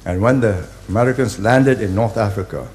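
A man, giving a public speech in deliberate, halting phrases and hitting key words hard. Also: lowish voice, darkish tone, slight background noise. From Singapore. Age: 80s. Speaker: invited speaker.

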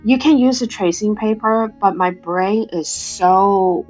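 A woman's voice: medium pitch, takes it slowly, darkish tone, highs cut off, soft background music. A woman with a nasal voice from a cold, hosting a casual, chatty painting tutorial and joking about herself. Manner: chatty, self-deprecating, joking. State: has a cold. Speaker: art tutorial host.

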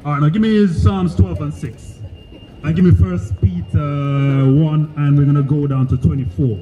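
A man preaching on a city street, arguing forcefully and calling the other man brother. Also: fairly high pitch, fairly even intonation, moderate pace, dull audio.

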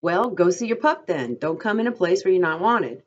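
A woman reading as a sharp, bitter stable hand. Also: sits high, animated, normal speed, highs cut off. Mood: sharp, hostile. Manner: sharp, scowling, territorial. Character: proud, bitter, aloof crippled stable hand. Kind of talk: novel read aloud.

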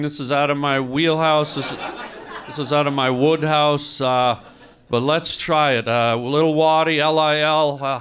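A man's voice: fairly high pitch, background noise. A man doing improvised stand-up in a club, telling an absurd tragic story with mock grief and snapping at the audience now and then. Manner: deadpan mock-grief storytelling, mock-angry outbursts at the crowd. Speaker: stand-up comedian. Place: comedy club stage with a laughing audience.

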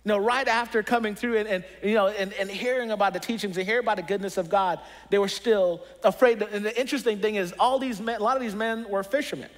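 Man, pastor, high-pitched, earnest sermon, conversational, frequent restarts. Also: fairly even intonation, fast, few pauses.

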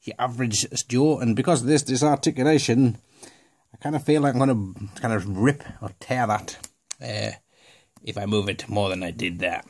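A man's voice: fairly low pitch, moderate pace, vocal fry. Chatty jokey toy reviewer, man. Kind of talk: casual unboxing chat.

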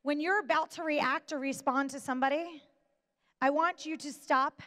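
A woman giving a motivational talk to an audience, emphatic and deliberate, with pauses for weight. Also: high-pitched, fairly even intonation, sharp tone. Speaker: motivational speaker. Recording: long reverb of a large hall.

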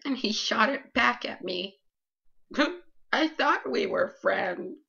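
A woman's voice: on the high side, lively intonation, slow, gravelly, bright, forceful tone, full character voice. A woman voicing a weepy female ghast who whines and giggles through tears, in a comic skit. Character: weepy female ghast, whiny, shoots fireballs. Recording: lo-fi dull recording.

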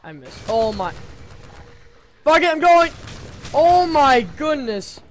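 A young man hosting a gaming channel, reacting loudly as he plays, swearing constantly and gasping and yelping at scares, speaking into a home desk mic. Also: very high voice, slow, slight background noise. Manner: excitable, swears constantly, yelps and gasps at scares. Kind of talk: live let's-play commentary. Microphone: home desk mic that glitches.

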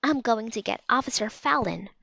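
A woman's voice: on the high side, expressive, normal speed, creaky, bright, forceful tone, dry recording, heavily acted. A woman reading the lines of an eager, helpful young girl in a storybook. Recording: slightly dull lo-fi recording.

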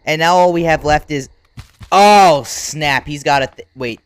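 A gaming YouTuber giving unedited play-by-play commentary, talking in casual slang and reacting loudly to what happens on screen. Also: mid-range voice, measured pace, noisy background. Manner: excitable, reacts loudly to game events; casual slang-filled chatter. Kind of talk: unedited live gameplay commentary.

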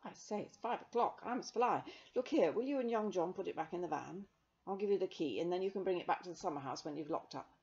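A woman's voice: lowish voice, lively intonation, quick pace, muffled recording. A woman doing a hearty, breezy young man. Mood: cheerful. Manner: bright, bluff, chatty.

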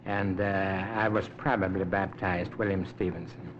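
A man in his seventies from Canada, answering interview questions in a measured, unhurried way with frequent hesitations. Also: sits low, little pitch movement. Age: 70s. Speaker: interview guest, Arctic explorer. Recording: dull lo-fi 1950s recording with clear hiss.

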